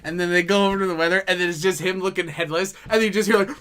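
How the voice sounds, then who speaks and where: A man co-hosting a comedy podcast, giggly, breaking into high shrieks and playful voices. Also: fairly even intonation, racing, crowd noise. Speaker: podcast co-host. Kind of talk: casual comedy chat.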